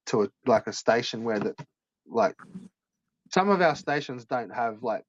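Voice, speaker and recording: A man's voice: mid-range voice, a little slow. A man casually telling a story, swearing often and filling his speech with "like". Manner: swears a lot, heavy use of "like", animated retelling. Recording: dull lo-fi dry recording.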